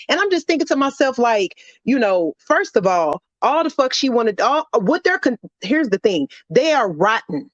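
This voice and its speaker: A woman's voice: a little high, lively intonation, normal speed, no echo. A woman calling in from home over the phone, delivering a heated, profane rant with lots of repetition. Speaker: caller. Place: at home during a storm. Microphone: phone call. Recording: dull lo-fi phone audio.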